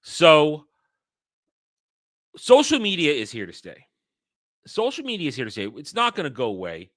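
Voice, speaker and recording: A man's voice: fairly high pitch, huge pitch swings, moderate pace, a bit bright, no echo, studio quality. A man hosting his own livestream who talks bluntly and rambles, swears freely and often restarts his sentences. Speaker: livestream host. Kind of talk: casual livestream talk.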